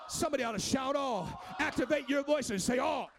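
Man preaching, very high gravelly voice, shouting sermon, fervent, chanting cadence, lots of "uh" and "amen". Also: animated, brisk, crowd noise, background noise.

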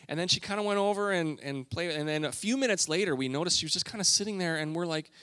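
A middle-aged man preaching a sermon, telling family stories with animated delivery and acted-out quotes. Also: on the high side, quick pace, no echo, studio quality. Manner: storytelling, animated, acting out quotes. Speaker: pastor.

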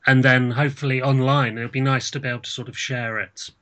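A man's voice: medium pitch, level tone, fast, bright, forceful tone. A man who is a guest film director, answering interview questions hesitantly. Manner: hesitant, many fillers and restarts.

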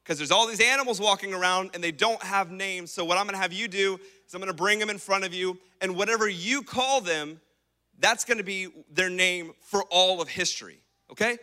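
A pastor playing God as a chatty, upbeat boss. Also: male voice, high-pitched, a little fast, bright, forceful tone. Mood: casual. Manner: casual, joking, playful.

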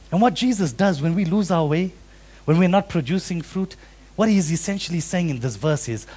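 A man preaching a sermon, animated and acting out quoted voices. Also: high voice. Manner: animated, acts out quoted voices with big swings in loudness. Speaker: pastor.

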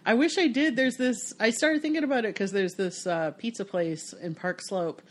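A woman's voice: a little high, steady tone, moderate pace. Chatty American woman telling stories. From United States. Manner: chatty, storytelling with many restarts. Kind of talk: casual chat.

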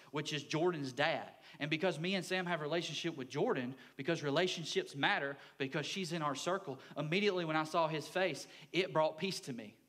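A young man, preaching as a youth pastor in a church and telling stories with earnest excitement. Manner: earnest, storytelling, excitable with sudden lifts in pitch. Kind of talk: sermon.

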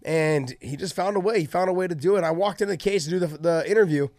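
A man in casual chat, telling fight stories with animated energy and freely swearing. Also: sits high, brisk, dry recording, clean studio sound. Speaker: podcast co-host and former fighter.

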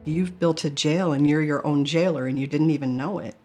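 A woman's voice: low voice, fairly quick, mellow, faint music behind. Earnest middle-aged woman telling her story. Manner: earnest, candid storytelling with self-mocking humor. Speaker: guest telling a near-death experience. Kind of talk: personal testimony.

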